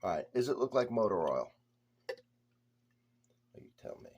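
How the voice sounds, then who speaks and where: Man, beer reviewer on a casual vlog: low, husky voice, chatty, blunt, talks straight to camera. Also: big pitch swings, unhurried, a little mellow.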